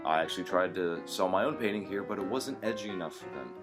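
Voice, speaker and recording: Male co-host, very low voice, deadpan anecdotes, music bed behind. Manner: dry storyteller, halting with ums. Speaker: podcast co-host. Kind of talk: storytelling comedy chat.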